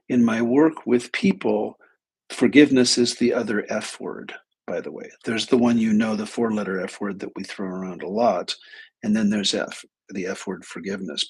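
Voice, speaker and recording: Male trainer, low husky rasp, relaxed flippant storyteller. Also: poor audio. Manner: flippant and irreverent. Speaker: speaker and trainer. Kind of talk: casual live talk with storytelling.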